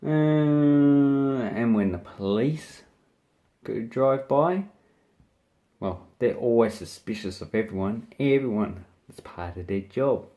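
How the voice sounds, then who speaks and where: A man's voice: medium pitch, takes it slowly, dark tone, dull audio. A young Australian man hosting a casual video lesson on slang, with a playful, joking delivery. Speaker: video host teaching slang.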